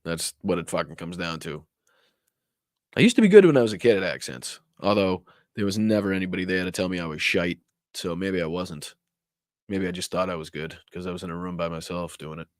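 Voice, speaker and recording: A man's voice: deep voice, a little fast, no echo, studio quality. A man with a Boston accent hosting a live-stream political commentary show, talking in a profane, sarcastic, rambling way.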